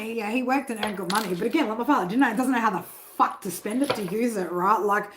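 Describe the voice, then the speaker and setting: A woman's voice: on the high side, quick pace, a bit bright, a little hiss or hum. A middle-aged woman hosting a tarot live stream, talking bluntly with heavy swearing and a constant "right?". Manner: blunt and heavily profane, keeps asking "right?". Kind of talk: casual live-stream chat.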